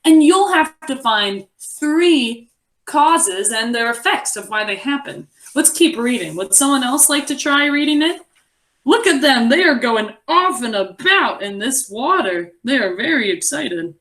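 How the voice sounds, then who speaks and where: A young adult woman teaching a reading lesson to a class, encouraging and expressive as she reads aloud. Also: high-pitched, unhurried.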